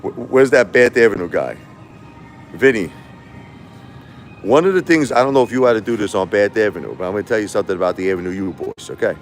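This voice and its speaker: A man's voice: fairly low pitch, animated, fast, slight background noise. A middle-aged man, hosting a live stream and telling rambling stories, repeating himself and laughing often. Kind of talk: casual live-stream storytelling.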